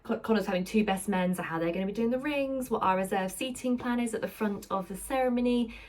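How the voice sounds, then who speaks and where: A woman's voice: mid-range voice, fast talker, darkish tone. Chatty woman, distant mic. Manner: chatty, upbeat, many fillers. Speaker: vlogger. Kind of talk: casual chat to camera. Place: home, indoors. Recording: camera mic from a distance, faint ambient noise.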